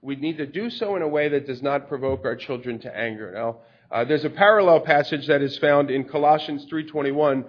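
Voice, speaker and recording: Man, preacher, conversational sermon, fairly high voice, dull lo-fi sound. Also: a little fast. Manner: conversational, explains scripture with everyday stories. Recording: dull lo-fi recording.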